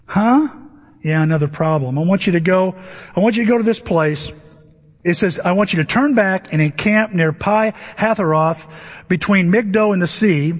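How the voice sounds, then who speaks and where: A man with a fairly high, husky voice preaches a lively sermon, acting out the people in his story and firing questions at the congregation. The audio is dull and lo-fi, with long reverb from a large hall. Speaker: pastor. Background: laughter from the congregation.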